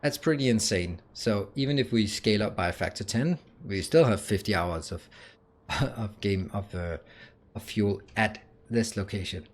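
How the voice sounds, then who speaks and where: A gaming YouTuber gives casual gameplay commentary with the hiccups, thinking aloud through changes with fillers and restarts. His voice is on the low side and moves at a moderate pace.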